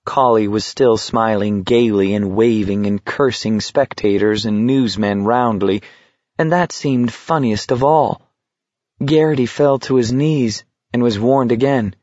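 Slow, measured male audiobook narrator. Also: medium pitch, no echo. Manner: measured, steady reading. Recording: dull lo-fi recording.

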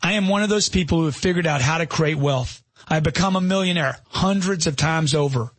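A man's voice: a little high, a little fast, no echo. A middle-aged man giving motivational narration as a self-help author, emphatic and punchy, firing off rhetorical questions.

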